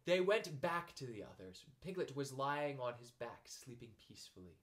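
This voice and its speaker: Expressive male storybook reader. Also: mid-range voice, moderate pace. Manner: expressive narration. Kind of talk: storybook read-aloud.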